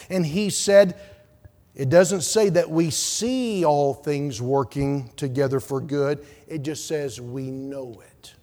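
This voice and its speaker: Male pastor, high-pitched, fervent sermon delivery with hushed asides, long church reverb. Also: measured pace. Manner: preaching with swells to loud fervor and drops to soft, hushed pleading. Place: church sanctuary.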